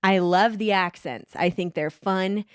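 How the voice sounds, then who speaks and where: A woman co-hosting a casual podcast chat, giggly and animated, swearing casually. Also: medium pitch, a little slow, smooth, no room sound, studio quality. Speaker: podcast co-host.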